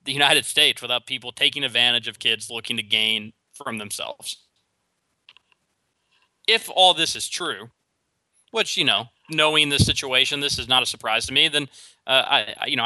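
Bright, fast-talking sports talk host man. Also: medium pitch, no echo. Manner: opinionated, rapid with frequent restarts. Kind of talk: solo sports talk commentary.

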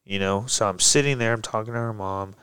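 A man telling a personal story on a podcast, casual and profane, getting heated and animated as he recounts it. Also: lowish voice, a little fast, clean tone, no echo. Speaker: guest, pro MMA fighter.

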